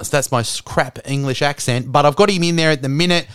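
A man hosting a fantasy cricket podcast in casual, rambling solo chat, frank and quick to laugh. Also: a little high, fairly even intonation, fairly bright tone, smooth, no echo, studio quality.

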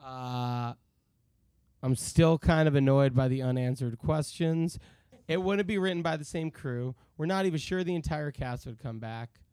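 A man's voice: mid-range voice, normal speed, a little mellow, smooth, dry recording. A man co-hosting a casual podcast, reading listener emails aloud and joking around. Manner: reads listener emails aloud, jokey, slips into silly voices. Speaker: podcast co-host.

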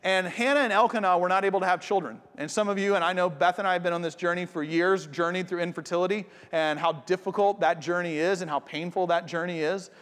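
A man's voice: high-pitched, steady tone, fast, few pauses, fairly bright tone. Man, pastor, sermon, conversational, addresses the congregation, long hall reverb.

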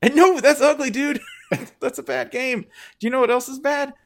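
A man co-hosting a casual sports podcast, joking and animated, his voice jumping up when excited. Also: extremely high pitch, normal speed, vocal fry. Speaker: podcast co-host.

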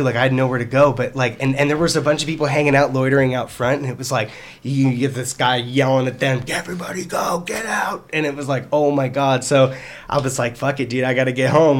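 A man telling a story in casual chat, rambling and excitable, with many restarts. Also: medium pitch.

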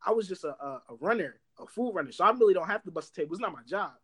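A young man telling workplace stories in casual chat, animated and laughing, loudly acting out what others said. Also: high-pitched, very fast, slightly rough. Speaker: storyteller.

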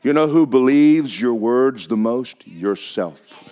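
A man's voice: medium pitch, animated, takes it slowly, mellow. A middle-aged male pastor, preaching a sermon in a folksy, emphatic way and repeating phrases for effect.

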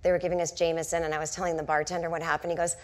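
Chatty woman in her forties, lowish voice. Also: flat delivery, rapid-fire. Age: 40s. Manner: chatty storytelling full of "like" and self-mocking asides. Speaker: comedian and author, guest. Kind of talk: onstage conversation, telling anecdotes. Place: stage before a live audience.

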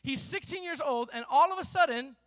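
A male pastor preaching a sermon with fiery, shouted bursts and slow, emphatic readings, joking with the congregation between points. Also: very high voice, expressive, dry recording. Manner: playful, jokes with the congregation.

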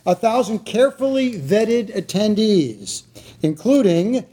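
A man's voice: high voice, sing-song, measured pace, mellow. A man hosting a political talk show, steadily and wryly introducing news items. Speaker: host.

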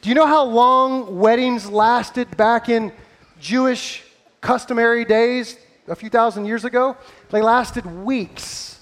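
A man leading an interactive Bible story on stage, playful and energetic as he coaches volunteers in front of a live audience. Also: extremely high pitch, slow pace.

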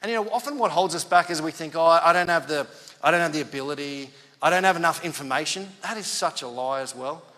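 A male pastor with a voice on the high side tells a story at a quick pace in a conversational sermon, animated as he acts out the quoted dialogue. A long reverb tail follows his words.

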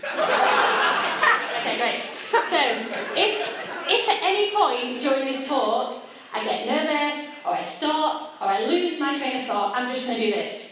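Woman, 30s, faith talk, high voice, chatty and self-deprecating, heavy hall echo. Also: expressive, measured pace, fairly bright tone, slight background noise. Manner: chatty, self-deprecating, engages the audience directly. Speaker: speaker at a church gathering. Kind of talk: personal faith talk to an audience. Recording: echoey hall picked up from a distance.

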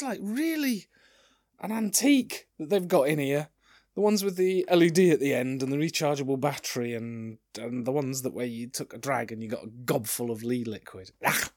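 A man's voice: medium pitch, dry recording, clean studio sound. A man in his thirties hosting a casual solo podcast, rambling and sidetracking, often restarting his sentences. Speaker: podcast host.

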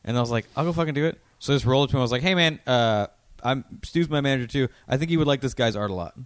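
A man's voice: medium pitch, very fast, smooth, no room sound. A man in casual podcast chat, swearing and acting out quotes as he tells stories.

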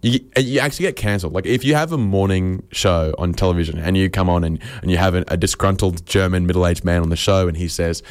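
A man with an Australian accent rambles through a comic monologue in a dry, mock-serious way. His voice sits on the low side, and he keeps jumping it upward to stress his points. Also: fairly quick, clean tone. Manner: sardonic, mock-serious, swings pitch for emphasis. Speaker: comedian.

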